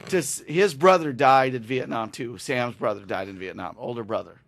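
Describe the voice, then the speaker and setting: A man's voice: mid-range voice, normal speed, gravelly, dry recording. A man on a podcast retelling a TV episode in casual chat, acting out the dialogue and getting emotional. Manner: animated storyteller, acts out dialogue, gets emotional. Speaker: podcast host.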